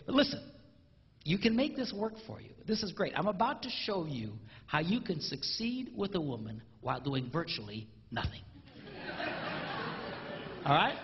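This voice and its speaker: A man doing a stand-up comedy routine, animated and acting out spouses in mimicked voices. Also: sits high, moderate pace, some chatter behind. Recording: roomy live hall, dull lo-fi sound.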